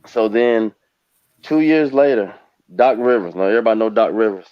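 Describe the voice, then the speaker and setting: Low-voiced American man telling his story. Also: expressive, normal speed, clear, resonant tone, no echo, dull audio. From United States. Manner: rambling storytelling, gets emotional. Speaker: guest, retired pro basketball player. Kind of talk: panel conversation.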